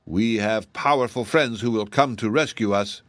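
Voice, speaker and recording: A man's voice: lowish voice, moderate pace, dry recording, close to an everyday voice. A man voicing a polite, wary scarecrow man in an audiobook. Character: earnest straw-stuffed scarecrow man.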